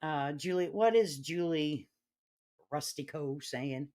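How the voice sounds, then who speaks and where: Brash, profane Chicago-accented woman. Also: deep voice. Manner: brash, profane, quick to get riled up and loud. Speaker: live-stream host. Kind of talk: casual live-stream chat.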